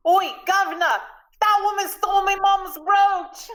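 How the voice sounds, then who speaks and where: A woman voicing a rough young street woman with a put-on Cockney accent. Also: extremely high pitch, steady tone, measured pace, fairly bright tone, pitched above the performer's own voice. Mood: indignant.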